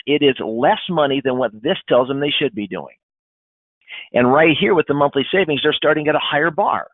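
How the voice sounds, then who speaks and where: A man's voice: on the high side, no room sound. Emphatic man on a tinny webinar line. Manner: emphatic, animated, acts out client replies. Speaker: sales trainer. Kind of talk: sales training webinar. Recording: dry, phone-like webinar audio.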